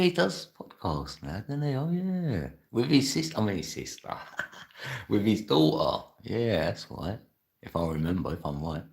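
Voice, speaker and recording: Male live-stream host, extremely low and gravelly voice, loose rambling chat with frequent laughs. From London. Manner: reads and answers viewer chat. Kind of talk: casual live-chat monologue.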